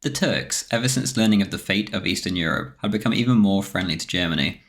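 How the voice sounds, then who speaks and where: A man with a low, deep voice reads a scripted history documentary narration. He keeps a steady, measured delivery from line to line. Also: vocal fry.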